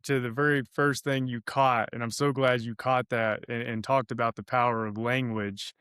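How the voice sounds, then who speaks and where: A man's voice: mid-range voice, little pitch movement, moderate pace, fairly bright tone, clear, resonant tone, no echo, clean studio sound. Enthusiastic casual male podcast host. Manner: enthusiastic, casual, rambling with restarts. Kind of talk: conversational interview.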